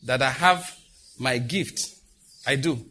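A man's voice: medium pitch, slow, bright, forceful tone. A man preaching a sermon, reading scripture and leading the congregation in repeated declarations with emphatic delivery.

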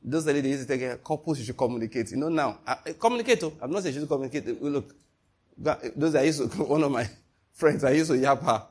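A man preaching a sermon, animated and emphatic, asking his listeners one rhetorical question after another. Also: mid-range voice, fast, breathy edge.

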